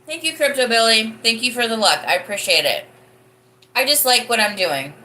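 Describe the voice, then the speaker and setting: A woman's voice: fairly high pitch, animated, normal speed, pushed and bright. A young woman hosting a live podcast, chatting casually and rambling as she answers viewer comments, laughing often. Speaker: livestream podcast host.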